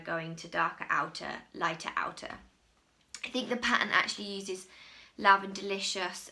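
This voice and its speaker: A woman's voice: mid-range voice, bright, forceful tone. A woman from England hosting a crochet podcast, chatting casually to camera from home in a rambling, self-mocking way.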